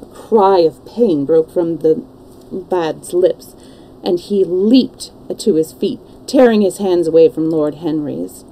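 A woman reading a classic novel aloud as a storyteller on a live stream, with calm, even narration. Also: fairly low pitch, slow, a little hiss or hum, rough recording.

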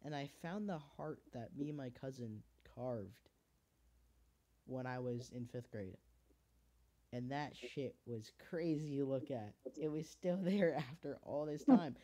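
A man's voice: medium pitch, a little slow, dark tone. A teenage man hosting a podcast, talking in casual, heartfelt rambles full of fillers and swearing. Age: teens. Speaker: podcast host. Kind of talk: casual chat.

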